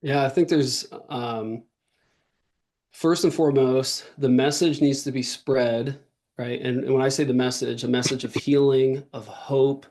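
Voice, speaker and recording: Brief: man, podcast guest, earnest, rambling, lots of "um" and "like", middling pitch. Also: steady tone, unhurried, a little mellow. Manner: earnest, talks in long runs with many fillers and restarts. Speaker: podcast guest, author and workshop leader. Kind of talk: casual interview talk.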